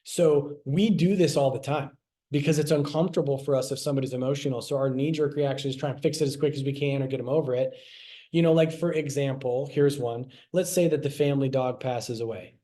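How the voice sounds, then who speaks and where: Mellow-voiced man teaching casually. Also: medium pitch, a little fast. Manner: conversational, repeats himself, acts out quoted lines. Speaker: health class presenter.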